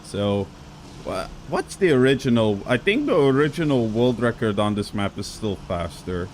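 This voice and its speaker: A man's voice: lowish voice, very animated, normal speed, slight background noise. A man casually commenting on racing game records on a live stream, rambling with many fillers and an occasional cough. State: coughing now and then.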